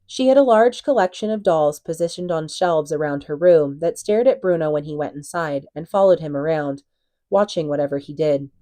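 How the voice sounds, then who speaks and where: A woman reading a novel aloud in a calm, even storytelling manner. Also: low voice, normal speed, no room sound. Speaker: reader.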